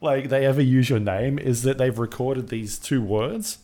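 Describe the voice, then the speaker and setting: A man co-hosting a podcast in casual chat, relaxed and chiming in briefly. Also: mid-range voice, normal speed. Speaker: podcast co-host.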